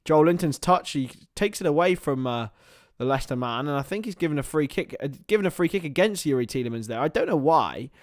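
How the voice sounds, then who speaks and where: A young man calling a live match for his stream, voice sitting a touch high and rising sharply when play gets close to goal. The sound is close and dry, with no room around it, and he slips into mumbled asides full of ums between the action. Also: fast, no room sound. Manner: excitable play-by-play, drops to mumbled asides with fillers. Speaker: watchalong host and commentator. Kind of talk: live match commentary with chat.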